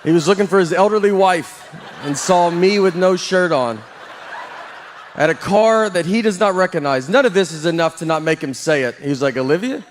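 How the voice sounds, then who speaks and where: Man, stand-up comedian, deadpan, self-deprecating, slightly high voice, faint background ambience. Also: normal speed, in a large hall, a little hiss or hum. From Southern United States.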